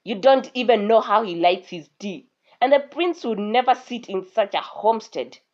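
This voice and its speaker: A woman's voice: medium pitch, a little mellow, lightly acted. A woman voicing a snobbish male palace guard who talks with disdain and hurries to apologize. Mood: disdainful. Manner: scornful, then quick apologies. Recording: dull lo-fi recording.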